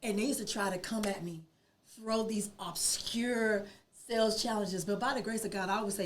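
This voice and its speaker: A woman, a podcast guest telling a personal story in an animated, emphatic way. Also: mid-range voice, moderate pace, a little hiss or hum. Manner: animated, emphatic, acts out quoted dialogue.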